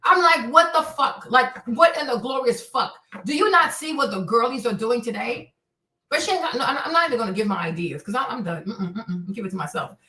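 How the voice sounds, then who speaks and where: A woman's voice: a little high, lively intonation, fairly quick, pushed and bright, recorded from a distance. A woman hosting a livestream, ranting casually with heavy profanity and exasperation. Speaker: streamer host. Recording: echoey room, voice a bit off-mic.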